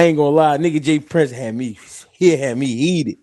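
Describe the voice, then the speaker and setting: A man hosting a show, telling profane, animated comic stories in casual chat. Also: fairly high pitch, normal speed, no echo, studio quality. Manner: animated, profane storytelling with impressions. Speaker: host.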